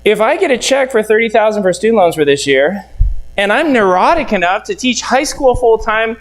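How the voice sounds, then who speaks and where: A man's voice: high voice, animated, fairly quick, rough recording. A middle-aged man from the United States, a real estate mentor, telling a seminar story and acting out both sides of the conversations.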